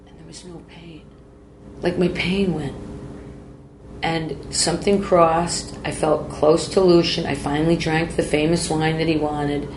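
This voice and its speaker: A woman in her forties with a lowish voice tells her story bluntly, swearing freely and breaking off mid-sentence. The room is roomy and echoey, with a faint hum of ambience behind her. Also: flat delivery, unhurried, a little mellow. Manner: raw, profane, self-interrupting. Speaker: guest. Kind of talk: candid personal storytelling.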